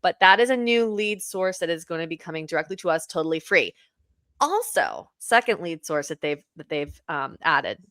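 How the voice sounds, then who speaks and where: A woman co-hosting a casual podcast, talking excitedly and often backtracking to correct herself. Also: on the low side, moderate pace, no room sound. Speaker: podcast co-host.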